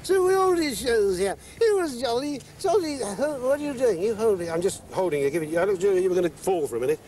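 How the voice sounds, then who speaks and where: An older man reminiscing in a halting way, fumbling over names. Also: sits high, lively intonation, darkish tone, slight background noise. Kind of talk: casual reminiscing.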